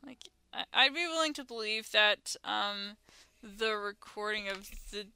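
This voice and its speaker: A woman's voice: medium pitch, measured pace, pushed and bright, clear, resonant tone. A woman co-hosting a podcast in casual chat, rambling with lots of "like" and "um" and restarting her sentences. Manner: rambling, filler-heavy, many restarts. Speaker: podcast co-host.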